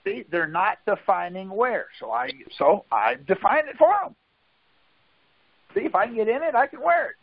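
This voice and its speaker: A man's voice: high voice, animated, moderate pace, creaky, husky, dry recording, highs cut off. A man on a conference call giving a casual, folksy talk and often asking "see?" to check that his listener follows.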